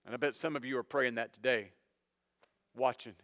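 A male pastor preaching a sermon, speaking earnestly and directly to his listeners, swinging from loud emphatic phrases to hushed low ones. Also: steady tone, moderate pace, no room sound, studio quality. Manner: earnest, direct address to the congregation.

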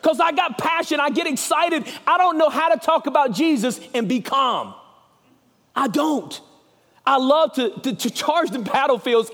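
A man preaching a sermon as an evangelist, with a Southern US accent, telling stories with passion and swinging from loud to hushed. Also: very high voice, in a large hall.

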